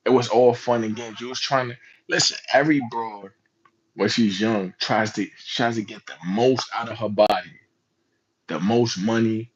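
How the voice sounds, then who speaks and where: A man delivers reaction commentary in an emphatic, slangy way, leaning on rhetorical questions. His voice sits at an ordinary middle pitch. The recording is a little dull and lo-fi. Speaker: commentary vlogger.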